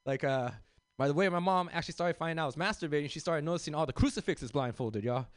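A man from South Central Los Angeles performs a stand-up set in a loose, rambling style, full of fillers and asides to the crowd. His voice sits a bit high and sounds smooth and clear. The sound is dry and close, with no room echo. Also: quick pace. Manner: loose, conversational, addresses the crowd as "y'all"; rambling with many fillers and restarts. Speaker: stand-up comedian.

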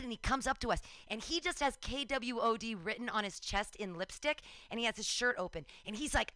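A woman in her forties telling a lively personal story on a radio talk show, acting out her own shouts and cheers. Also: fairly high pitch, brisk, few pauses, dry recording.

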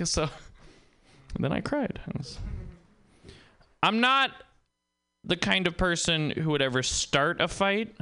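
A man doing a stand-up set, telling stories in a deadpan way. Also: high voice, slow, pauses often. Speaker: stand-up comedian.

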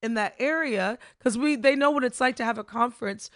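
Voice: medium pitch, brisk, fairly bright tone, no room sound, studio quality. A podcast co-host chatting casually, rambling with lots of fillers and restarts. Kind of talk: casual chat.

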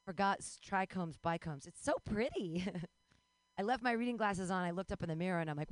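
Moving at a brisk clip, a woman in her forties pokes fun at herself in a meandering stand-up bit, breaking out in sudden shrill yelps and laughter. The recording is dry.

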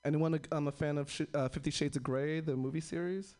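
A male stand-up comedian on a packed comedy stage. He teases the crowd with rhetorical questions in an animated way. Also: a little high, fairly quick.

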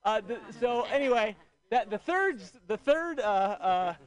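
A man's voice: sits high, animated, measured pace. A man addressing a gathering, talking in an earnest, rambling way with many fillers and restarts. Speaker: gathering organizer. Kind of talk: addressing a crowd.

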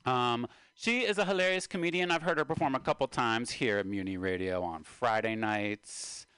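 A man's voice: mid-range voice, normal speed, clean tone, no echo. A middle-aged man hosting a radio show in a small studio, chatting casually with a guest, joking and teasing. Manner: joking, animated, talks over his guest. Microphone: studio microphone.

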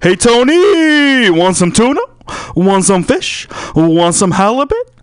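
A man voicing a loud seafood counter worker who keeps hawking food at a customer. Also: high-pitched, big pitch swings, slow pace, smooth, no room sound, clean studio sound, voice pushed up, exaggerated voice. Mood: pushy hawking. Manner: shouting, pushy, repetitive hawking.

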